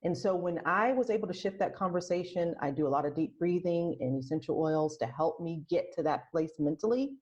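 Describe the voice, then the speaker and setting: A woman talking as a podcast guest in casual interview chat, soft and reflective, often restarting her sentences. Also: fairly low pitch, lively intonation, fairly quick, hardly any pauses. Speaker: podcast guest, aromatherapist and health coach. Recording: lo-fi muffled sound.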